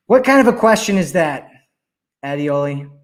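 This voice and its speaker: A man hosting a live question-and-answer stream as a dating coach, reading viewer comments aloud and answering them emphatically, repeating his key points. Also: a little high.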